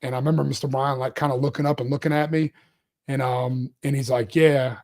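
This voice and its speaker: A man in his forties, a company CEO telling his start-up story in a casual interview, rambling and animated, laughing often. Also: mid-range voice, fairly quick. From Louisiana, US. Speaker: CEO guest.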